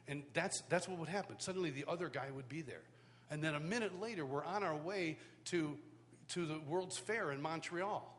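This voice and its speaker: A brisk American man with a slightly high, somewhat bright voice gives his testimony as a worship teacher at a live worship school. The delivery is conversational storytelling, often restarting mid-thought. Recorded in a large hall, it has long reverb and a faint hum.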